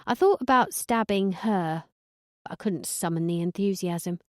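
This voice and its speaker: Deadpan woman narrator, dry and close. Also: lowish voice, moderate pace, dry recording. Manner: sardonic, deadpan. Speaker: audiobook narrator. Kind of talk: first-person audiobook narration.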